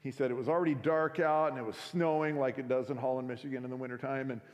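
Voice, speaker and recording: A man's voice: mid-range voice, fairly even intonation, quick pace, muffled recording. A man telling a story in a casual, conversational way, full of fillers, as a speaker at a school week of prayer. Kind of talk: sermon storytelling. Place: school chapel or auditorium. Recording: echoey hall.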